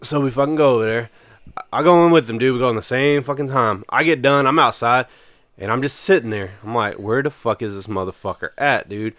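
A man's voice: mid-range voice, fairly quick, fairly bright tone, no room sound, studio quality. A man casually telling profane stories on a podcast, rambling with lots of fillers and laughing through them.

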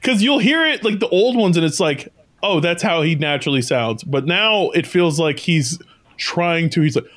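A man's voice: fairly high pitch, animated, moderate pace, fairly bright tone. A man co-hosting a casual podcast chat, rambling, swearing and laughing often. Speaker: podcast co-host.

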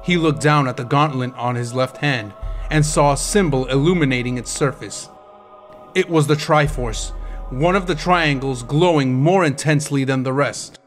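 A man's voice: medium pitch, moderate pace, faint music behind. A man narrating an audiobook chapter with dramatic, intense storytelling.

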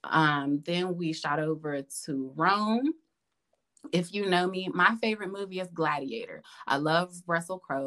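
A woman, a podcast guest, chatting casually and telling lively stories with lots of laughter. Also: on the low side, unhurried. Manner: animated, laughing, calls listener "girl". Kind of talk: casual storytelling chat.

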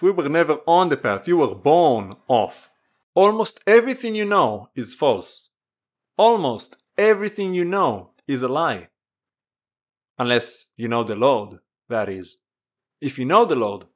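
A man's voice: mid-range voice, very animated, measured pace. A man preaching an earnest, exhorting sermon that repeats its pleas. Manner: earnest, exhorting, repetitive pleading.

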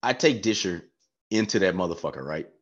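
A man telling an animated, profane army story with frequent laughs in casual podcast chat. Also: deep voice, a little fast. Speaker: podcast co-host, former staff sergeant. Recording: dull lo-fi sound.

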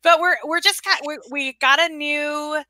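An enthusiastic, chatty woman co-hosts a casual live-stream podcast. Her voice sits a little high and sounds bright and forward. The recording is dry and close. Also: steady tone, unhurried, no echo. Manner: enthusiastic, chatty, laughs often. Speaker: podcast co-host.

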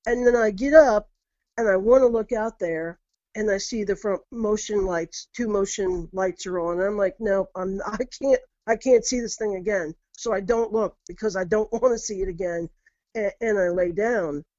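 A woman's voice: mid-range voice, normal speed, darkish tone, no room sound. A middle-aged woman telling her own eerie encounters in a casual interview, earnest, often repeating her words. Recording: dull lo-fi audio.

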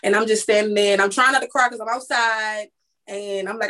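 Her voice is fairly high, quick, pushed and bright. She's the interview guest, a makeup artist with her own lash business, and she tells her story casually, wandering off track, starting over, and acting out people's lines.

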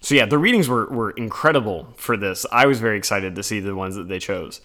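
A man co-hosting a podcast, talking through scripture readings in an earnest, conversational way, with animated retellings. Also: fairly low pitch, fairly quick. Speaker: podcast co-host. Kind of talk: casual chat about scripture readings.

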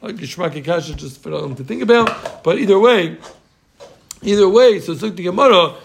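A man teaching a Talmud class, animated and emphatic, repeating his points and teasing his students. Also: high voice, moderate pace, creaky, a little hiss or hum.

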